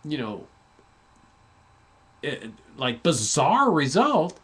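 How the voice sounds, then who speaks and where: Male host with a raised pitch, delivering a fired-up, mocking political monologue. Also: wildly swooping pitch, extremely slow, a bit bright, breathy edge. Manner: impassioned, sarcastic, full of restarts. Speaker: talk show host.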